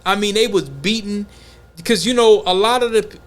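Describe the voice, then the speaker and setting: A man hosting a podcast, talking in a loose, slangy, animated way in casual chat. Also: high-pitched, moderate pace. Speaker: podcast host.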